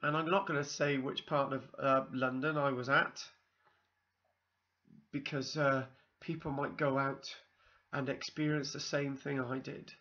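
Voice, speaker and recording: A man's voice: mid-range voice, little pitch movement, measured pace, sharp tone, dull audio. A man from South Wales with a Welsh accent, telling a meandering personal story full of ums and asides. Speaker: vlogger. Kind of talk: rambling personal anecdote.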